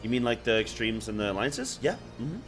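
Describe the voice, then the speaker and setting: A man's voice: fairly low pitch, expressive, brisk, fairly bright tone, faint music behind. Laid-back joking male streamer. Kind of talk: casual game-stream chat.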